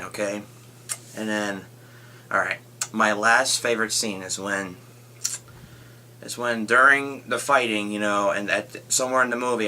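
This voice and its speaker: Excitable young man rambling a movie review. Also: on the low side. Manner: rambling, excitable, swears often, retells scenes. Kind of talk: casual movie review vlog.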